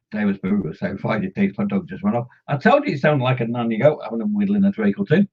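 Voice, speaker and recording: A middle-aged model-painting streamer reads the chat and teases his audience, keeping up a jokey, casual banter. He talks fairly quickly in a husky voice on the low side, with big swings in pitch. The stream audio is dull and lo-fi.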